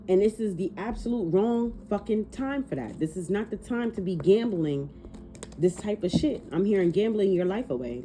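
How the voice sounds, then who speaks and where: A woman giving an animated, casual tarot reading, swearing freely and talking aloud to spirit. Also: low voice. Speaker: tarot reader.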